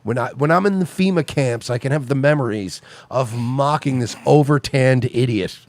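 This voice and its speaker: A man's voice: mid-range voice, normal speed. A man co-hosting a comedy podcast, mocking a clip with sarcastic jokes and frequent laughter. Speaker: podcast co-host.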